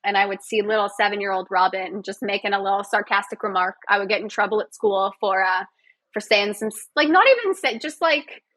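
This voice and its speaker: Bright, sarcastic woman podcast guest. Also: mid-range voice, fairly quick, no echo, poor audio. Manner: sarcastic, jokey, laughs often. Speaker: guest, physiotherapist and actor. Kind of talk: casual podcast chat.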